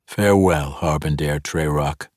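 A man reading the part of a cold, menacing dark elf weapon master in a calm, low, threatening way. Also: a little slow, no room sound, clean studio sound. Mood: grim, measured.

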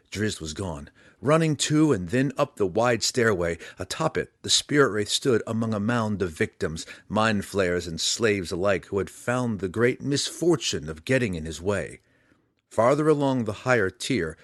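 A man reading a fantasy audiobook aloud, in a dramatic, lively way. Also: on the low side, no room sound, clean studio sound. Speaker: audiobook reader.

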